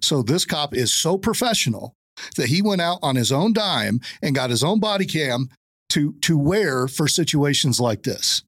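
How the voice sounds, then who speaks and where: A man hosting a casual chat, speaking in a measured way and stating firm opinions. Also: on the high side, very animated, a bit bright, dry recording.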